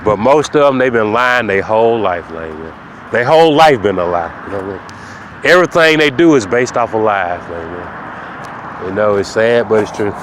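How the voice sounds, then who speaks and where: A man in a casual, rambling monologue, who keeps addressing "ladies and gentlemen" and drops low and quiet on his asides. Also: lively intonation, normal speed. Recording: loud outdoor traffic noise.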